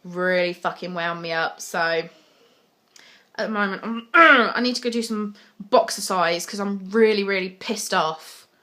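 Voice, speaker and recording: Bright-voiced blunt young woman vlogging. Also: mid-range voice. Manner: blunt, swears freely, retells exchanges in quick bursts. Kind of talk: casual vlog rant.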